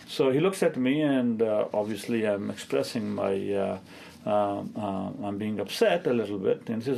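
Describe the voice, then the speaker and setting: A man's voice: medium pitch, moderate pace, gravelly, a little mellow, a little hiss or hum. A man in his fifties, a rheumatologist, answering interview questions and telling stories with a hesitant delivery full of filler sounds.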